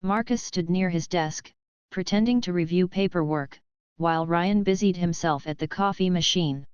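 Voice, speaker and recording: Give me a woman narrating a story in a steady, very smooth voice, with a dry, dull recording. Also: fairly low pitch, normal speed, no room sound.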